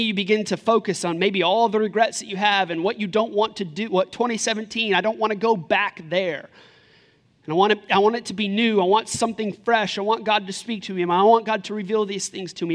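A high-pitched man in his thirties, a pastor, preaches a lively sermon in a conversational style, packing it with rhetorical questions.

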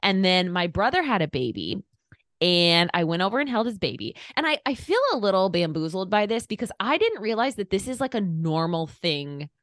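A woman in her thirties, a podcast guest talking candidly, blunt and animated, swearing casually. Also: medium pitch, normal speed, no echo, clean studio sound. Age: 30s. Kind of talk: candid conversation.

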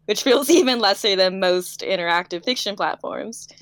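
A woman's voice: mid-range voice, normal speed, no echo. A woman guest on a live stream, upbeat and friendly, giggling as she chats about her work. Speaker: guest game developer. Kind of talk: casual interview chat.

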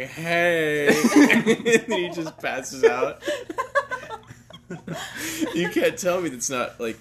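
A young man co-hosting a casual podcast, telling rambling stories, swearing freely and laughing often. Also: medium pitch. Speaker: podcast co-host. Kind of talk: casual chat.

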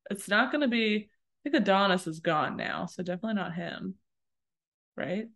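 A woman's voice: mid-range voice, expressive, moderate pace, vocal fry, a bit bright. Woman co-host, playful and inquisitive listener. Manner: reactive, guesses and jokes, asks questions. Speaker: podcast co-host hearing the book. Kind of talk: casual chat.

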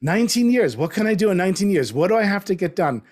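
A man in his fifties talking in a relaxed conversation, reflective and getting animated as he makes a point. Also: sits high, rapid-fire. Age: 50s. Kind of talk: casual conversation.

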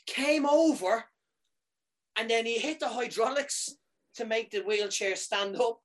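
A man casually telling a comic anecdote, animated, swearing freely and often checking in with "right?". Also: extremely high pitch, moderate pace.

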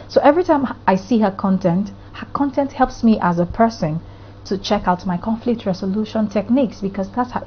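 A husky woman therapist from Africa talks earnestly through a podcast monologue, stacking rhetorical questions one after another. Her pitch sits in the middle, and the audio sounds dull and lo-fi.

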